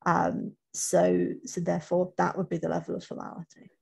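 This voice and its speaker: Woman interview coach, low husky voice with a gravelly edge, chatty webinar talk, restarts her sentences a lot. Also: completely flat delivery, normal speed, a little mellow. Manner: chatty, self-correcting, many restarts.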